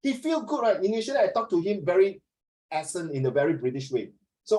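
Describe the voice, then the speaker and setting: A man's voice: sits high, big pitch swings, a little fast, warm tone, rough recording. A Singaporean man teaching a class, chatty, slipping Chinese into his English and acting out little dialogues. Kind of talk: classroom lesson.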